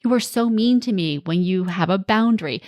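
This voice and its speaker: A woman's voice: medium pitch, normal speed, a little mellow, no echo. Woman coaching parents, dry close mic. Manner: coaching, reassuring, acts out quotes from kids and parents. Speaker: podcast host and parenting coach. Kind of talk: solo podcast talk.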